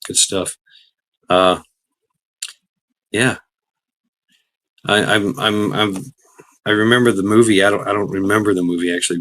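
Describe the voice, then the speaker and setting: A middle-aged man hosting a casual livestream, rambling with many fillers, greeting chatters by name and breaking into excited shouts. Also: on the low side. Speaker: livestream host.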